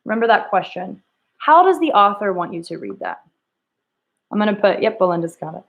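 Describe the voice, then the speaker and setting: A woman's voice: mid-range voice, sing-song, brisk, narrow, tinny audio. A woman teacher leading a reading lesson, thinking aloud and coaxing students with questions. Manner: thinks aloud, rereads lines in different tones.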